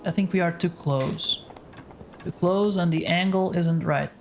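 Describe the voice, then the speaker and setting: A man with a soft voice chatting casually with his viewers while he streams a game, rambling as he plays. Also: high-pitched, measured pace, creaky. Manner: rambling, talks to chat while playing. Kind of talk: casual live-stream gameplay chat. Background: faint game music.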